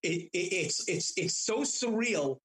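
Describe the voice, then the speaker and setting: A man with a higher-pitched voice tells old family stories as a guest in casual conversation. He keeps restarting his sentences and repeating words as he goes. He sounds middle-aged. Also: lively intonation, unhurried, a bit bright, rough recording. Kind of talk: casual storytelling.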